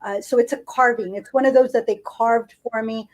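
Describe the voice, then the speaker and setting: A woman's voice: a little high, steady tone, fairly quick, a little mellow, poor audio. A woman co-hosting a podcast, chatting casually and savoring food as she tastes it aloud. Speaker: podcast co-host. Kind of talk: casual food-tasting chat.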